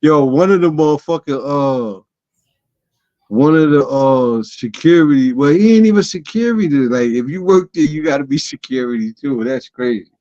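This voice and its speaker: Animated storytelling man, lo-fi sound. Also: moderate pace. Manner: animated, acts out quoted voices with sudden pitch jumps. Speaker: co-host. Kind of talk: casual storytelling chat. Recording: dull lo-fi audio.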